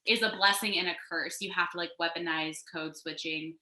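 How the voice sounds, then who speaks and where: Woman co-host, talkative and animated, bright tone, roomy home sound. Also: fairly low pitch, a little fast. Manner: animated, talkative, frequent "like" fillers. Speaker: co-founder and co-host of a design panel. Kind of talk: casual panel chat. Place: home, sitting on a couch.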